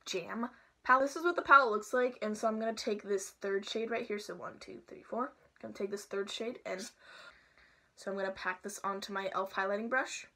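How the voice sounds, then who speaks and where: A young woman chatting casually and playfully through a makeup tutorial at home, sometimes dropping to soft asides. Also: mid-range voice, a little fast. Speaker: makeup vlogger.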